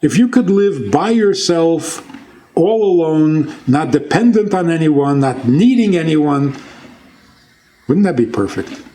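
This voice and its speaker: Male rabbi, fairly high voice, informal lecture style, quizzes the room and jokes. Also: lively intonation, takes it slowly, warm tone. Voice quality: conversational, asks the audience questions and jokes. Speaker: rabbi giving a talk.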